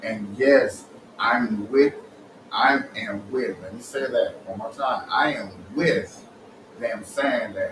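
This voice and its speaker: A man giving casual, animated reaction commentary, colloquial and repetitive, laughing as he talks. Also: medium pitch, slow. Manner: animated, colloquial, repeats himself, laughs while talking. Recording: roomy and distant with loud background noise.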